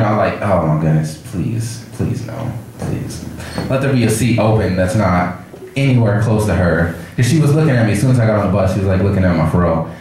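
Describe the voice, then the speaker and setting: A young man at an open mic doing stand-up, telling a rambling story and acting out the people in it. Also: on the low side. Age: young adult. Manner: rambling, animated, acts out characters. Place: cafe open mic night. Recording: echoey cafe with crowd noise.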